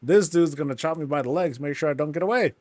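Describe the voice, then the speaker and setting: A man's voice: fairly high pitch, quick pace, a little mellow, no room sound. A man casually commenting on a game, telling stories animatedly with slangy asides. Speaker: game streamer.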